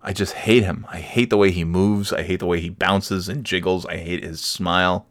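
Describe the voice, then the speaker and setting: A man's voice: sits low, steady tone, normal speed, no room sound, studio quality. A man ranting casually, grumbling and swearing, with frequent restarts. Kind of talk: casual rant.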